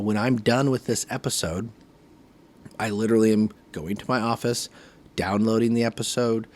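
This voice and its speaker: A man hosting his podcast, talking casually to camera in one take, with lively emphasis and a habit of saying "right", recorded on a phone camera. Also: on the low side, slight background noise. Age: adult, working a full-time job. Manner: conversational, varied emphasis, often says "right". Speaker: podcast host.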